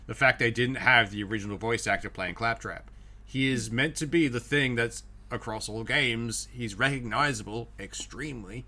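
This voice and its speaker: A man's voice: mid-range voice, moderate pace, sharp tone. A man co-hosting a casual podcast, chatty and agreeable, swearing at times. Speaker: podcast co-host.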